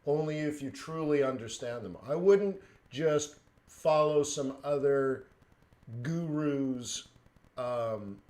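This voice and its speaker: A man's voice: on the high side, slow pace, darkish tone. A man hosting a live trading stream, talking casually with lots of fillers and chuckled asides. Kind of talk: casual chat.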